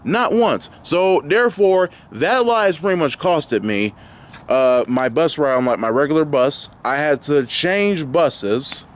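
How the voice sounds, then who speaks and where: A man's voice: on the high side, expressive, measured pace. A young man vlogging outdoors near his home, ranting indignantly and rambling with lots of fillers and restarts. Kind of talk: angry ranting vlog.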